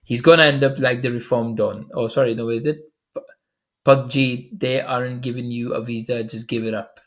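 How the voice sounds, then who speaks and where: A young man from Pakistan, a video commentator reading viewer comments aloud with quick chatty asides and frequent laughs. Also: mid-range voice, fairly even intonation, a bit bright. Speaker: online commentator.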